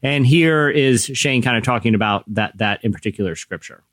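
A male host talking conversationally with a middle-pitched voice. He wanders through his points with fillers, and the sound is dry and close. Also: moderate pace, a bit bright, dry recording. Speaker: podcast host. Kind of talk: casual chat introducing clips.

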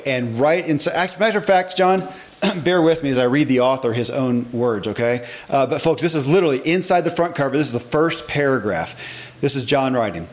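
A man's voice: mid-range voice, fast. A man in his forties hosting a podcast interview, talking with enthusiasm and reading passages aloud from a book. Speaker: podcast host. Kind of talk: casual interview chat.

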